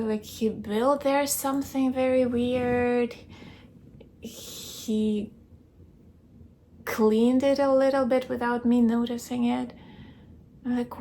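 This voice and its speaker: A young woman keeping a video diary, recounting a dream in a hesitant way, searching for words and filling pauses with "like". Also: on the high side, dark tone, a little hiss or hum. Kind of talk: casual personal storytelling.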